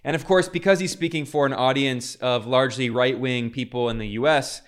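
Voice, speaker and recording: A man's voice: mid-range voice, fairly even intonation, brisk. A man giving fervent political commentary, talking through clips with frequent restarts. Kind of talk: casual commentary over clips.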